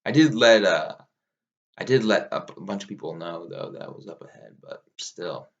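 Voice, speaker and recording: A man's voice: sits low, expressive, moderate pace, highs cut off. A man casually recapping a long mountain race, rambling, swearing easily and laughing at himself. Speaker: ultramarathon runner recounting a race.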